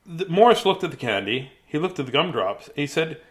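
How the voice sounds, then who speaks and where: A man in his fifties reads a children's book aloud, chatting and wandering off into asides. His voice sits slightly high and swings widely in pitch. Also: very animated, a little fast, few pauses, a bit bright. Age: 50s. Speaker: host reading children's books. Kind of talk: casual live read-aloud.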